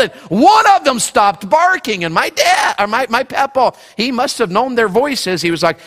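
A man's voice: very high voice, very animated, normal speed, hardly any pauses, a bit bright, in a large hall. A male pastor preaching a sermon, telling a folksy personal story and acting out the voices in it.

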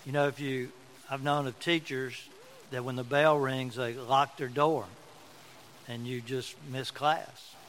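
A man's voice: mid-range voice, fairly even intonation, a little slow, fairly bright tone, a little hiss or hum, poor audio. A man preaching a sermon as pastor, telling folksy stories and repeating words for emphasis.

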